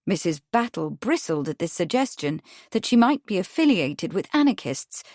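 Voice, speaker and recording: Here a woman with a lowish voice delivers scripted audiobook narration, keeping her reading even and measured. The sound is clean studio audio without any room ambience.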